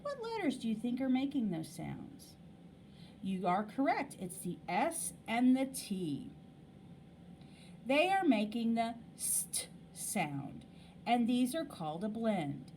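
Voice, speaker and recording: Woman teacher doing phonics for little kids, real slow, voice bouncing up and down a lot, mic a bit far off with light hiss. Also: a little high, darkish tone. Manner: exaggerated word pronunciation, patient questions to young students. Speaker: elementary school teacher. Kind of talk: slow, deliberate phonics lesson for children.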